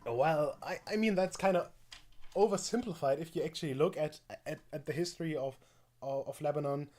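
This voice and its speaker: A man's voice: fairly high pitch, a little fast, darkish tone. A man streaming live, reacting to a video with rambling, mocking commentary, full of fillers and laughs.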